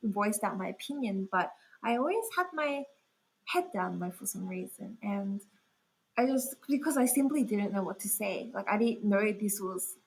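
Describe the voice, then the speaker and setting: Breathy young woman, chatty. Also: medium pitch, lively intonation, normal speed, low-quality recording. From Australia. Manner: chatty, full of "like" fillers and laughs. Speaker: guest artist. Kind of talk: casual interview chat.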